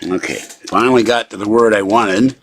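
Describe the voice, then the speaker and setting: A man's voice: fairly low pitch, normal speed, a bit bright. A man hosting his own channel, talking casually at his computer and complaining at length in an irritated, rambling way. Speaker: channel host. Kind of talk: casual live video rant.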